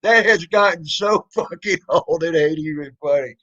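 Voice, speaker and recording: A man's voice: high-pitched, slow pace, long pauses, fairly bright tone, lo-fi sound. A man ranting on a casual stream, mocking and sarcastic, swearing and laughing often. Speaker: streamer responding to trolls.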